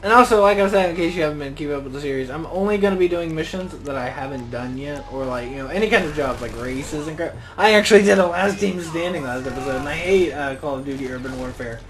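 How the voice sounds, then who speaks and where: A man's voice: a little high, quick pace, few pauses, over music, rough recording. A young man giving casual gameplay commentary as a channel host, rambling and joking and muttering exclamations to himself.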